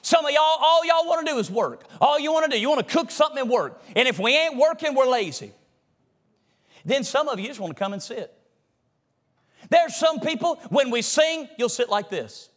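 A high-pitched man preaches a folksy sermon in a church. He talks straight to the congregation, rising to loud emphasis, then dropping to a near hush. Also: lively intonation, normal speed. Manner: folksy, call-and-response preaching, swings from loud to hushed. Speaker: pastor. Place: church sanctuary.

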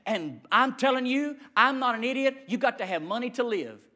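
Male pastor, very high and cutting tone, impassioned sermon delivery with loud peaks and quiet asides. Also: expressive, moderate pace. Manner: impassioned preaching, swings from shouting to hushed asides.

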